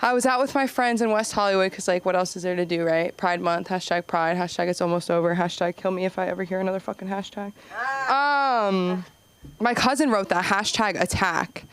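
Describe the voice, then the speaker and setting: A woman doing an open-mic stand-up set on a club stage, chatty and self-deprecating, her pitch jumping up when she gets excited. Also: brisk, slight background noise. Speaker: stand-up comedian.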